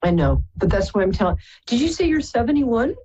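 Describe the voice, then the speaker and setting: A psychic radio host from Brooklyn, New York, she takes live calls for readings, chatty and affectionate, calling people darling and sweetheart. Her voice is a little high, very animated and brisk, mellow yet slightly rough. The sound is lo-fi.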